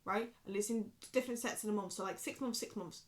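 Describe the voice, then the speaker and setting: A woman's voice: mid-range voice, fast. A woman in her twenties with a Yorkshire accent, rambling and swearing freely in a casual vlog to camera. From Yorkshire, England. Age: 20s. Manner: rambling, sweary, chatty, animated. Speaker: vlogger.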